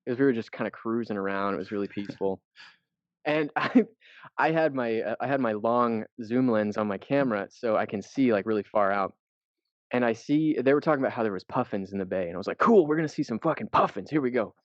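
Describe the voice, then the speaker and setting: A fast-talking American man with a lowish voice co-hosts a podcast, meandering through a travel story and swearing casually. The lo-fi podcast audio is dull and dry.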